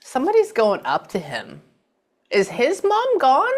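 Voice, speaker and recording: A middle-aged woman gives a psychic reading, chatting away and acting out the messages she relays in quoted voices. Her voice sits high, swings hugely in pitch, and moves at a measured pace.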